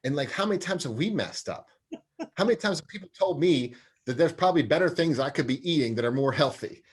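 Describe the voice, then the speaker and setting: A man's voice: on the high side, animated, fast, slightly rough. Earnest self-mocking man in his forties. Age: 40s. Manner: earnest and expansive, laughs at himself. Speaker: sports psychologist and parenting guest. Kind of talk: conversational interview.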